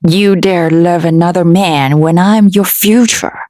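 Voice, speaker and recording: A woman voicing a furious male devil lord who taunts slowly and threateningly in a storybook reading. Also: lowish voice, fairly even intonation, a little mellow, no room sound, natural voice. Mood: menacing, sneering. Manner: slow, sneering and threatening.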